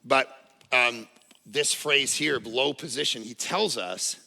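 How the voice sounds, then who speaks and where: A man in his forties preaching a sermon as pastor, in a lively, conversational storytelling manner with touches of humor, in a church auditorium. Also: medium pitch, takes it slowly, creaky. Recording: reverberant church hall.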